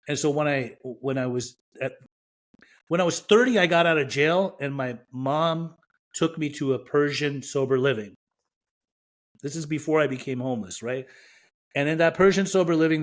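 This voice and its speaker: A man's voice: medium pitch, normal speed. A man from Iran, a podcast guest, frankly and reflectively telling his own recovery story with self-mocking humor.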